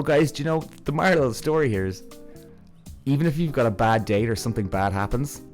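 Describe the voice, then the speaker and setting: A man's voice: medium pitch, a little mellow. A man hosting a podcast, telling stories in a casual, frank way, chuckling often and swearing freely. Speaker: podcast host. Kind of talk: casual storytelling.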